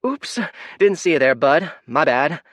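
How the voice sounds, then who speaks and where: A man's voice: on the high side, lively intonation, a little slow, fairly bright tone, no room sound, voice pushed up. A man voicing a cheerful, oblivious young woman who talks in a breezy, upbeat way.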